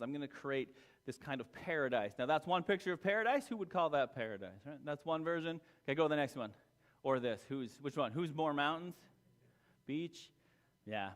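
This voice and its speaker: A man preaching a casual sermon, chatty and self-deprecating, full of asides and restarts. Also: mid-range voice. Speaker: pastor. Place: church hall. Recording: long hall reverb.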